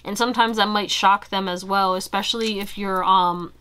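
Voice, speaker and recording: Young adult woman, tarot reader talking to her audience; casual, animated, rambling delivery. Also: mid-range voice, normal speed, clear, resonant tone. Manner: chatty, animated, fillers like "you know" and "y'all". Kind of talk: casual pick-a-card tarot reading.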